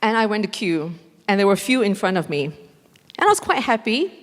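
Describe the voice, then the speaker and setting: A woman speaks into a stage mic at a conference, telling an animated story. Her voice sits at an ordinary middle pitch. Long reverb trails each phrase through the large hall. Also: a little fast. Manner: animated, acts out dialogue with laughs. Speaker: mindfulness trainer giving a conference talk. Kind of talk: storytelling lecture.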